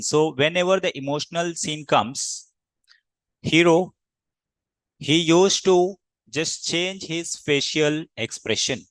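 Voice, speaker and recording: A man's voice: on the high side, fairly bright tone, no room sound, rough recording. A man from India teaching a public speaking class, speaking in an instructive, repetitive way and stressing his key words. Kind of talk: classroom lecture.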